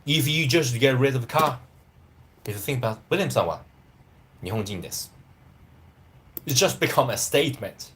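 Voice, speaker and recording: A man teaching a casual live lesson, talking in a lively way and often asking "right?" as he goes. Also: mid-range voice, normal speed. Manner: lively, repeats "right?" and "you know what?". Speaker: Japanese language teacher.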